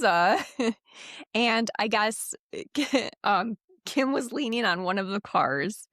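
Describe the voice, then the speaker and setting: A woman's voice: mid-range voice, takes it slowly, a bit bright, dry recording, studio quality. A woman co-hosting a podcast, retelling a story in casual chat, laughing often and saying "like" a lot. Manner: giggly storyteller, many "like"s. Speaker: podcast co-host.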